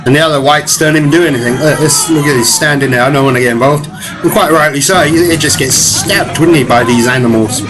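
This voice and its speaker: A man's voice: on the high side, quick pace, over music. A man giving ranting, profane commentary as he reacts to video clips, with mocking laughs.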